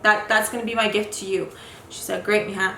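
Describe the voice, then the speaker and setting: A young woman vlogger tells a long personal story casually, sounding frustrated and rambling with plenty of fillers. Her medium-pitched voice is steady, brisk, creaky, bright, and forceful, recorded in an echoey room with faint noise.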